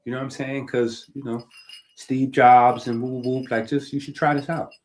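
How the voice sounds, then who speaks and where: A man's voice: mid-range voice, flat delivery, moderate pace, darkish tone. A man giving a casual, emphatic health-talk monologue, reading passages aloud and often checking in with "right?". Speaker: health streamer.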